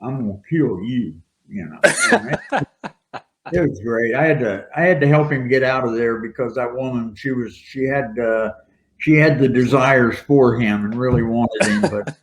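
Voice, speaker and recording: A man's voice: medium pitch, moderate pace. Older man telling rambling wrestling stories. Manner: rambling, laughing anecdotes. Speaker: retired wrestler guest. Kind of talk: casual storytelling interview. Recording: roomy, dull lo-fi sound.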